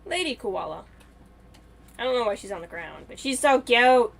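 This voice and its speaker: A woman's voice: a little high, lively intonation, moderate pace, creaky. A woman streamer chatting casually and thinking aloud as she plays a game on a live stream.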